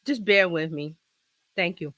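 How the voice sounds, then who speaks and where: This livestream host has a fairly low, fairly bright voice and takes her time speaking, captured dry. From her home office, using a laptop with an external microphone, she rambles chattily, laughs often, and sounds like she has a slight cold.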